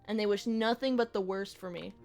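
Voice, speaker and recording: Over soft background music, a young woman chats while streaming a game, rambling and reflective, with slang and cursing. Her mid-range voice is steady and darkish in tone, and she talks fairly quickly.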